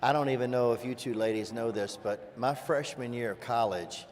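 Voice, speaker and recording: A folksy man from Virginia speaks with a softened Southern accent, warming to his stories with animated asides. His voice sits at an ordinary middle pitch for a man. He sounds like a host in a relaxed panel chat. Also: normal speed. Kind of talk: casual panel discussion.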